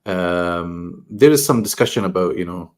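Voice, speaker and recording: A man teaching the Quran, measured and cautious, carefully weighing word choices in translation. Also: low voice, expressive. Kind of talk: scholarly study discussion.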